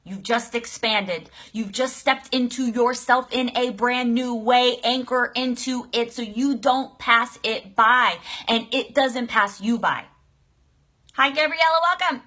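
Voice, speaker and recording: A woman life coach giving an energetic, live-streamed coaching talk, exclaiming often and swearing casually. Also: a little high, slow, hardly any pauses.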